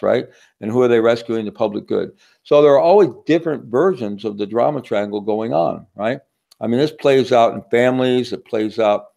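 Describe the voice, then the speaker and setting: A man with a low, gravelly, dark voice delivers a teaching talk in a relaxed, conversational way. He keeps turning to the audience with a quick "right?" before moving on. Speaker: workshop speaker.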